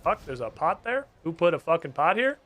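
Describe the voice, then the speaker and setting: Man, game streamer, casual commentary, swearing, self-deprecating, lively melody, bright tone. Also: on the high side, a little fast.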